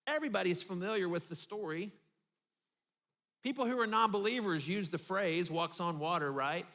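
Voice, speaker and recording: Man preaching, high voice, vivid storytelling, dramatic pauses, drops low for emphasis. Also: a bit bright. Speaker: pastor. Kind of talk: sermon. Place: church.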